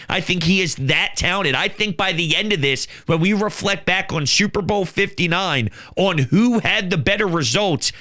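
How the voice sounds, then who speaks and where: A man's voice: high-pitched, sharp tone. A man with a Philadelphia accent hosting a sports podcast, talking in a hyped, emphatic way. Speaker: podcast host. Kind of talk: excited sports talk.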